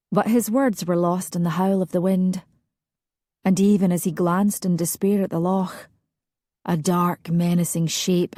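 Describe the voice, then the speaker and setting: A woman narrating an audiobook romance in a measured, dramatic storytelling style. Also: on the low side, darkish tone, dry recording, clean studio sound. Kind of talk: scripted narration.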